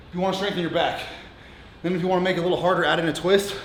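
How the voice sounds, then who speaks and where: Brief: profane male strength coach in his thirties, slightly high voice, echoey gym room with faint hum. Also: steady tone, racing. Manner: blunt, profane, coaching instructions between lifts. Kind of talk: gym workout vlog talk. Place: gym, indoors.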